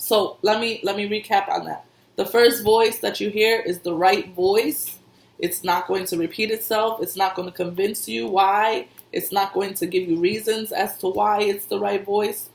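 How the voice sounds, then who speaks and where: Her mid-range voice has a creaky quality as this intuitive reader and medium chats through spiritual advice, laughing frequently and repeating herself. The recording has an echoey room sound.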